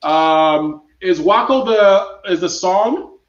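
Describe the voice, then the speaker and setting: A man's voice: sits high, animated, slow. A man hosting a live online show, playfully quizzing his guest and calling out guesses from the chat. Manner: playful, repeats questions to the chat. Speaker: show host. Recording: echoey room, dull lo-fi sound.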